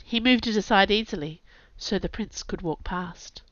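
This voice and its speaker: A woman, an author and podcast host, narrating a story aloud in a lively, expressive way, on a dull lo-fi recording. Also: medium pitch, normal speed, dry recording. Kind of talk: scripted audiobook narration. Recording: dull lo-fi sound.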